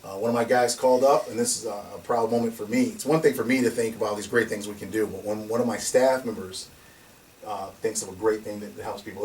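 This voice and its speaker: In a lowish voice, a man who founded a security company swaps stories in a relaxed chat, laughing a lot, frequently starting over, and performing other people's lines. A distant mic catches him with faint noise.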